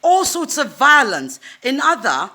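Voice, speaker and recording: A woman's voice: high-pitched, huge pitch swings, unhurried, pushed and bright. A woman giving an indignant, emphatic address straight to the camera, repeating phrases for force. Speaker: activist. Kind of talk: impassioned video address.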